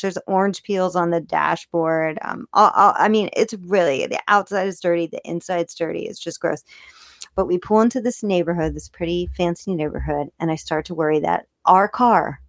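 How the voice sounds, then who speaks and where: Chatty, fast-talking woman vlogger with a low, gravelly voice, recorded close and dry. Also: dry recording. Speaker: video creator. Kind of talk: casual personal storytelling.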